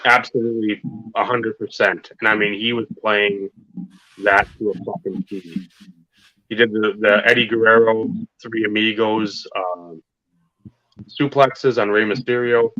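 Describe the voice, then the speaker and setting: A man's voice: lowish voice, steady tone, unhurried, bright, forceful tone, dry recording. A man co-hosting a podcast, talking casually and rambling about wrestling, swearing often and stressing his points. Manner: profane, rambling, emphatic wrestling fan talk. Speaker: podcast co-host. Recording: dull lo-fi sound.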